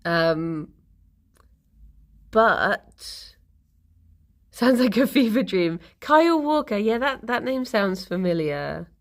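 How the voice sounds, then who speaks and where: A woman's voice: medium pitch, big pitch swings, slow pace, long pauses. A young woman streaming, chatting casually with viewers in a rambling, giggly, sleepy way. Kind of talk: relaxed casual stream chat, reading chat.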